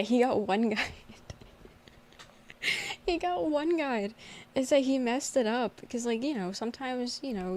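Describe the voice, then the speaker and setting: A young woman streamer telling a story in a casual livestream chat, animated and laughing often. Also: on the high side.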